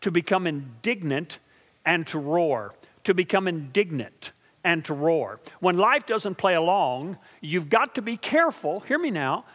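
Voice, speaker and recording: A middle-aged male pastor preaching a sermon, asking his congregation questions and swinging from quiet, slow intensity to loud, emphatic build-ups. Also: sits high, lively intonation, long reverb tail. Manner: preaching with call-and-response asides to the congregation.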